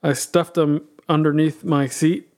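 Male co-host, slightly high voice, joking storyteller who laughs a lot. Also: flat delivery, measured pace, darkish tone. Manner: teasing storyteller, laughs often. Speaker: podcast co-host. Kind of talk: casual chat.

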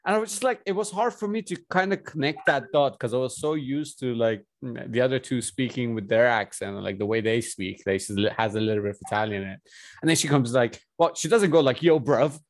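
A man's voice: medium pitch, brisk, no room sound. A young man from India with an accent that mixes Indian and British, chatting casually as a personal trainer, rambling and chuckling. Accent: Indian mixed with British. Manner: rambling, animated, chuckles often. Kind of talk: casual chat.

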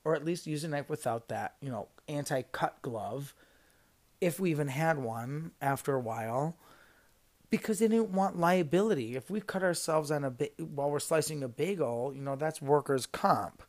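A man's voice: on the high side, lively intonation, moderate pace, a little mellow. Heated young man ranting with swearing. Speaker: podcast guest recounting a job story. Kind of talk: casual podcast storytelling.

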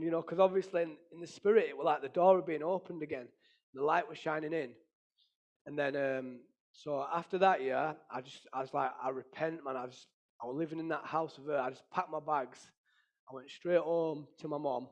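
A man's voice: on the high side, steady tone, brisk, a little mellow, highs cut off. A man, sharing an emotional personal testimony in an earnest storytelling manner. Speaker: testimony speaker.

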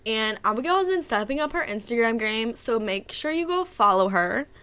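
A young woman with a bright, forceful voice, set a little high, co-hosting a chatty podcast. She giggles often and pokes fun at herself as she talks. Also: lively intonation, moderate pace, clear, resonant tone. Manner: giggly, chatty, self-mocking. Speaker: podcast co-host. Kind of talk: casual chat.

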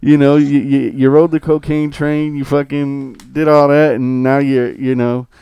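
A man's voice: medium pitch, level tone, a little slow, mellow, smooth, dry recording, lo-fi sound. A man hosting a casual podcast, telling crude stories and acting out the voices of people in them. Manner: profane storytelling, acts out riders' voices. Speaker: podcast host. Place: informal podcast recording.

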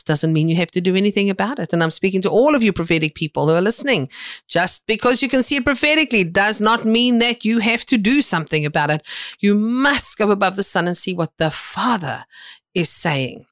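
Middle-aged woman minister, earnest, exhorting, lively storyteller, dry close sound. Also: mid-range voice, a little fast, no echo. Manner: earnest, exhorting, retells events with lively quoted dialogue. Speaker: prophetic minister. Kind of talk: spoken sermon with personal testimony.

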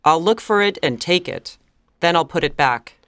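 A woman reading aloud and voicing a bold, cheerful teenage schoolgirl with bright, excitable delivery. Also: fairly low pitch, normal speed, dry recording, clean studio sound. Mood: lively.

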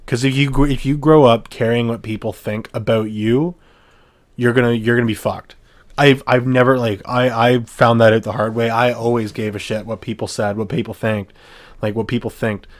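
A man's voice: mid-range voice, moderate pace. A young man from Canada hosting his own podcast, ranting bluntly with heavy swearing and frequent restarts. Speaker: podcast host. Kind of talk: solo podcast rant.

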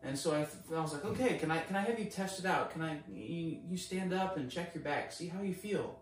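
Animated storyteller man in an echoey room. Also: a little high, a little fast, a little hiss or hum. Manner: acts out both sides of a story with rising excitement. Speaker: guest. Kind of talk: animated storytelling in casual chat. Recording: echoey room, distant mic.

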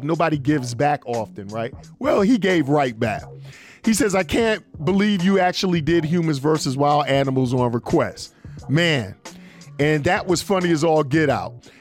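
A man hosting an internet radio show, reading listener messages aloud in a loose, slangy, animated way. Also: a little high. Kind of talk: casual radio show banter.

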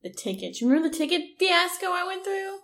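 High, bright young woman, excitable storyteller. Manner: excitable, swears, rushes through her stories. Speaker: podcast co-host. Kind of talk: casual chat.

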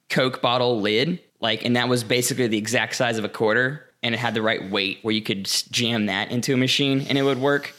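A man's voice: medium pitch, pushed and bright. A man co-hosting a podcast, explaining things in a chatty, casual way. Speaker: podcast co-host. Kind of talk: casual chat.

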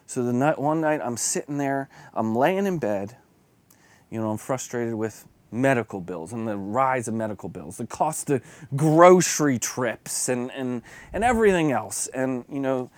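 A man's voice: medium pitch, animated, moderate pace, no echo. A man preaching an earnest, confessional devotional sermon that builds to fervent emphasis.

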